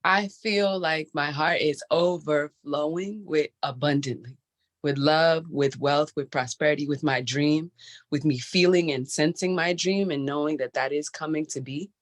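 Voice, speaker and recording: A woman's voice: low voice, unhurried, no room sound. A woman on a group video call thanking the host, emotional and close to tears. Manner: emotional, grateful, fighting back tears. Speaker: call participant.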